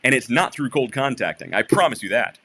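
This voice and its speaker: A man's voice: mid-range voice, a little fast, slightly rough. A man from Michigan co-hosting a podcast, explaining marketing in casual, joking talk. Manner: explains and jokes, lively. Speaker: podcast co-host.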